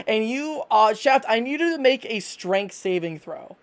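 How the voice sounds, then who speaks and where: A young woman running a tabletop game, narrating in a quick, casual, rambling way. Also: a little high, expressive. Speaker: game master.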